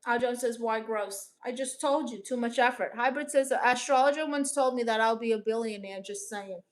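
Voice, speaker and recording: A young woman from Brooklyn reading out her chat on a casual livestream, dry, deadpan and sarcastic. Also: a little high, normal speed. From Brooklyn, New York. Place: home in Los Angeles.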